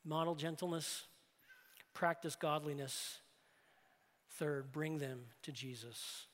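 In a church sanctuary, a pastor with a high, bright voice preaches slowly, telling a story before building to loud, impassioned calls to come in. A long reverb from the large hall lingers behind every phrase.

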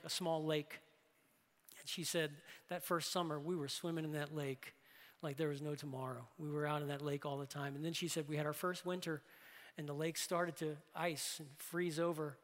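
A man delivers a sermon with a high, bright voice. He tells a story, then builds into fervent calls to come in. Long reverb from a large church hall hangs behind every phrase. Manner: builds to loud impassioned exhortation. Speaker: pastor. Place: church sanctuary.

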